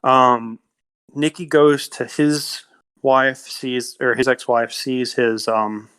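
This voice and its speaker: A man's voice: mid-range voice, steady tone, takes it slowly, a bit bright, clean tone. A man co-hosting a podcast, casually retelling a film plot with lots of fillers and quoted dialogue. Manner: rambling retelling with many fillers and quoted lines. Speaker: podcast co-host.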